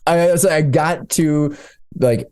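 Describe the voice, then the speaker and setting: A man's voice: on the high side, slow pace, darkish tone, clean tone. A man in his thirties, a podcast guest telling his story in a candid, loose, casual way, with slangy asides and frequent restarts. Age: 30s.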